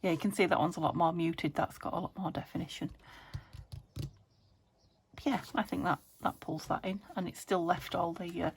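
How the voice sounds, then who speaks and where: With a lowish voice, fairly even intonation and a moderate pace, a British woman from the UK chats over slight background noise. She makes junk journals and rambles casually in her crafting vlog, drifting into murmurs mid-task.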